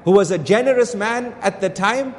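Male Islamic lecturer, higher voice, storytelling lesson, repeats points for emphasis. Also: normal speed, big-room sound. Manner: repeats phrases, asks rhetorical questions.

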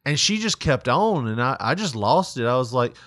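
A man's voice: mid-range voice, sing-song, normal speed, a bit bright, no echo, studio quality. A young man telling a work story in casual chat, laughing often and acting out quotes. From Tennessee.

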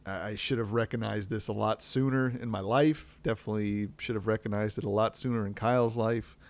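A man's voice: lowish voice, steady tone, brisk, darkish tone. Candid man in his thirties rambling. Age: 30s. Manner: rambling, self-deprecating, with frequent fillers and restarts. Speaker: podcast host. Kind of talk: candid solo podcast talk.

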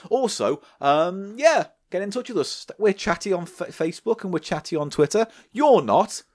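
A man's voice: high-pitched, animated, no echo, clean studio sound. A man co-hosting a podcast in casual chat, bantering and slipping into silly impressions. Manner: bantering, breaks into quick silly accent impressions. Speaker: podcast co-host.

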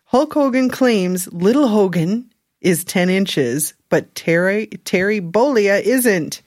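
A woman's voice: mid-range voice, lively intonation, takes it slowly, darkish tone, no echo, studio quality. A woman co-hosting a podcast, reading a news story with chatty asides and laughing at herself. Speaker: podcast co-host.

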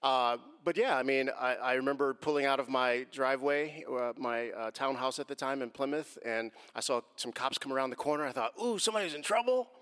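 A man's voice: medium pitch, fairly even intonation, fairly quick, few pauses, a bit bright, smooth, big-room sound. A man in his forties telling an interviewer about his experiences in a personal, earnest way that grows heated as he recounts confrontations. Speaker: guest.

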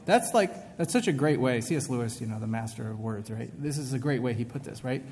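A man's voice: medium pitch, animated, a little fast, few pauses, darkish tone, soft background music. A male preacher giving a conversational sermon to a congregation, often checking in with "right?" and breaking off mid-thought. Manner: casual, asks "right?" often, self-interrupting. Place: large hall with a congregation. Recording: long hall reverb.

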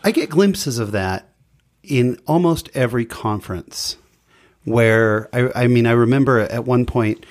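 A man's voice: mid-range voice, a little slow. A man interviewing a guest in a casual chat, friendly and encouraging with joking asides.

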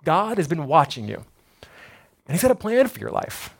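Male preacher voicing a calm angel messenger, gentle and reassuring. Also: fairly high pitch, normal speed.

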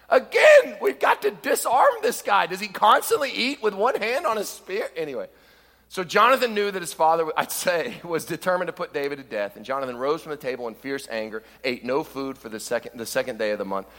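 A male preacher delivering a sermon with a bright, forceful voice. He voices the scripture quotes loudly and then drops into low, wry asides. A long reverb trails after his words, as if he is speaking in a large hall.

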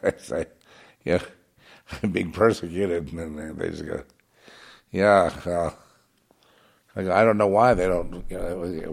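A man's voice: sits low, fairly even intonation, unhurried, creaky, long pauses. Fervent rambling man preaching. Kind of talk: preaching monologue.

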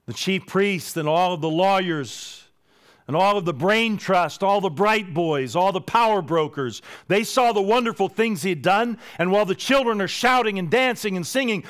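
A man preaching a sermon, building to loud high peaks and dropping to quiet low asides. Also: normal speed. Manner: dramatic, swings from loud rising peaks to low hushed asides.

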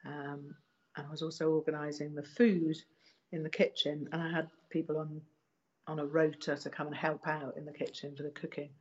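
A woman being interviewed, recalling past events in a hesitant, casual way with many pauses and restarts. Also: sits low, level tone, highs cut off.

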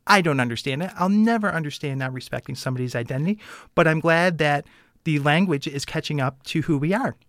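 A woman's voice: sits low, quick pace, no echo. Earnest woman talk-show co-host, dry sound. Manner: earnest, emphatic. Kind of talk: casual talk-show chat.

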